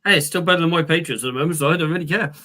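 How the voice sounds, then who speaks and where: A man's voice: a little high, racing, background noise. A man co-hosting a casual sports podcast, easygoing in his replies. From United Kingdom. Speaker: podcast co-host.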